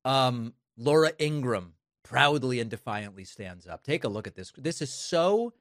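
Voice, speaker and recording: A man's voice: medium pitch, animated, fairly bright tone, no echo. Scornful male political commentator, dry sound. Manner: scornful, sarcastic, fast asides. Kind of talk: opinionated commentary.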